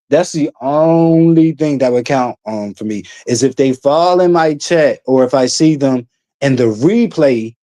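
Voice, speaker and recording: Rambling New man streaming, dark dry voice. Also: mid-range voice, no room sound. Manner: rambling, many fillers, blunt and profane. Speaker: livestream host. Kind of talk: casual livestream chat.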